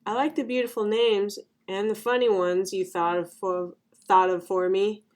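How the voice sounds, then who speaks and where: A quiet young schoolgirl, voiced by a woman storyteller speaks softly and gently. Her voice sits in a middle pitch. It suits a children's picture book read aloud. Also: level tone, normal speed, lightly acted. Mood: earnest. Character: young Korean girl, new at school, quiet.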